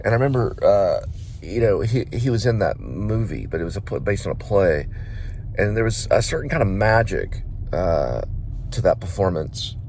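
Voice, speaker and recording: A man's voice: deep voice, normal speed, gravelly. A man hosting his own vlog, talking in a casual, meandering way with frequent hesitations and restarts, seated in a car. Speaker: vlog host and screenwriter. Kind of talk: casual rambling monologue. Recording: steady car noise behind.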